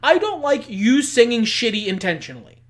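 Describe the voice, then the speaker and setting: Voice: mid-range voice, sing-song, moderate pace. A podcast co-host in casual chat, blunt and opinionated, swearing freely and often laughing. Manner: laughs often while talking.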